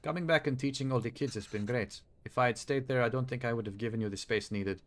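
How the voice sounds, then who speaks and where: A man doing a soft-spoken wistful immigrant mom. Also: mid-range voice, fast talker, natural voice. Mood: tender. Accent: loose put-on Indian accent. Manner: soft, quiet reading of game lines. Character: gentle middle-aged immigrant mother, wistful. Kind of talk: reading game dialogue aloud. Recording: game music playing behind.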